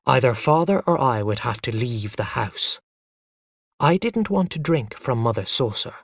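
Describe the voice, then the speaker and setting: Man, storyteller, slow reading, animated pitch, dry close sound. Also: gravelly, no echo. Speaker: narrator.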